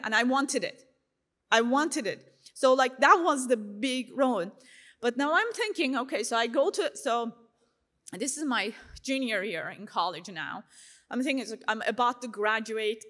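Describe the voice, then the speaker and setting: A woman from Turkey, giving a faith testimony to a live audience in a lively storytelling way, full of "you know" and "like". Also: fairly high pitch. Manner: lively storytelling, voices her own past thoughts in asides; frequent fillers like "you know" and "like". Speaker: speaker sharing her faith testimony. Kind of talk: conference talk to a live audience.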